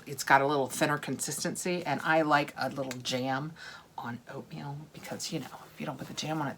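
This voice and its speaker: A woman in her thirties chats casually through an unboxing vlog, gushing and laughing often, sometimes dropping to a whisper while sniffing. Her voice is deep yet pushed and bright, with a slightly rough edge.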